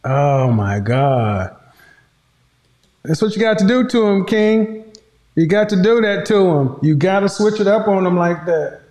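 A man talks slowly and playfully, teasing, mocking and laughing between lines. His voice sits high and swings widely. The room around him is echoey. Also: animated, a little mellow. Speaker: host. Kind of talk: casual commentary.

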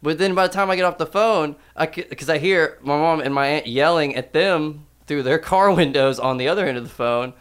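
A young man, from Tennessee, telling a profane, animated story in casual chat full of fillers. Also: on the high side, a little fast, hardly any pauses, smooth.

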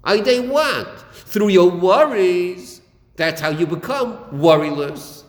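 A man's voice: high-pitched, lively intonation, slow. A man teaching a Chasidic text class, acting out dialogue and repeating his phrases. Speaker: Torah teacher. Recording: echoey room with long reverb.

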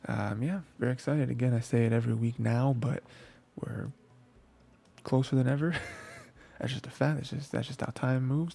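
Rambling casually through anime episode recaps, a podcast host fills his talk with fillers and restarts. His mid-range voice has a dark tone and a gravelly, husky texture.

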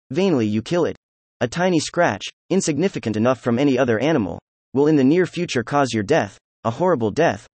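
A man narrates an old storybook in a steady, even reading voice at a middle pitch. The recording is close and dry, with no room sound. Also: dry recording. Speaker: audiobook narrator. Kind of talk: scripted narration.

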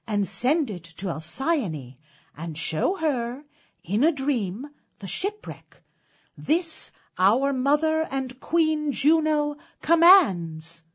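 A woman's voice: high-pitched, husky, pitched above the performer's own voice, heavily acted. Woman playing a commanding messenger goddess. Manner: commanding, formal.

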